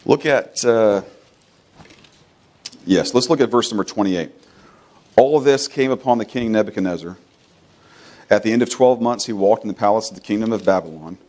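A man preaching a sermon with emphatic delivery, repeating phrases and swinging between loud, high exhortation and quiet, low asides. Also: moderate pace, pauses often.

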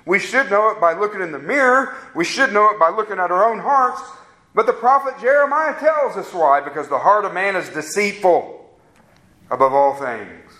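A man preaching a sermon as a pastor, with rising emphatic peaks and slow, drawn-out stresses on key words. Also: high voice, animated, pushed and bright, echoey room, low-quality recording.

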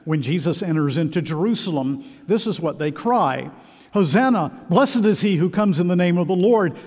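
A man preaching a sermon in a church, earnest and emphatic with measured pauses. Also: on the high side, darkish tone. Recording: long reverb of a large hall.

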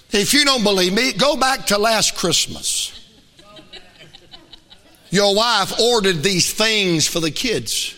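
Male preacher, very high pitch, bright sing-song cadence, shouts at peaks; use for sermon clips.

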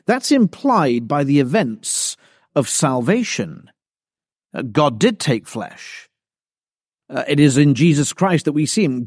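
A male pastor delivering a sermon at an unhurried, measured pace, leaning hard on repeated phrases. His voice sits a little high for a man. The sound is dry and close, with almost no room around it. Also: a little mellow, no room sound. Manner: slow, emphatic, deliberate preaching with repeated phrases.

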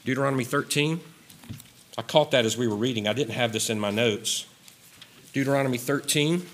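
A man's voice: medium pitch, brisk, a little hiss or hum. A man preaching a sermon with emphasis, repeating key phrases and sometimes wandering off his notes. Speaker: pastor.

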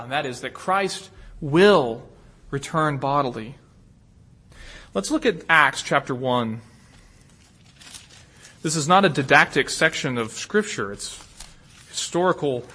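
A man's voice: medium pitch, sharp tone, breathy edge. A man preaching an expository sermon, earnest and emphatic, often repeating a word as he starts a phrase again.

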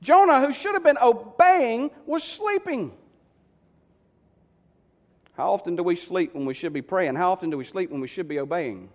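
A man preaching a sermon, telling the story with lively, conversational asides to the congregation. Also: high-pitched, normal speed, pauses often. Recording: long hall reverb.

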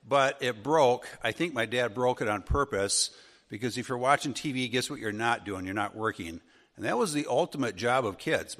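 Folksy Wisconsin man in a reverberant hall. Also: mid-range voice. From northern Wisconsin. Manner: folksy, animated, acts out funny voices. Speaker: Sunday school teacher. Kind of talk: storytelling lesson.

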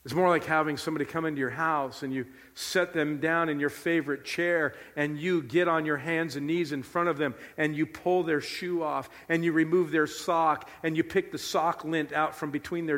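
A male pastor preaching a sermon with animated, emphatic storytelling. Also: fairly high pitch, moderate pace, hardly any pauses. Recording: long hall reverb.

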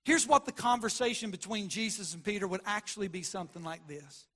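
A man preaching a sermon, swinging between loud emphatic lines and quiet murmurs, and acting out Bible dialogue. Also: animated, brisk, few pauses. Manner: preaching with big swings in loudness, from near-shouts to low murmurs; acts out Bible dialogue in quoted voices. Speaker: pastor.

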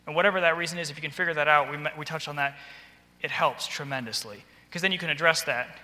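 Man, training speaker at church, bright and punchy delivery, reverberant auditorium. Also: fairly high pitch, fast. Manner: animated, acts out soft and stern examples. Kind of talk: practical training talk. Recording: hall reverb.

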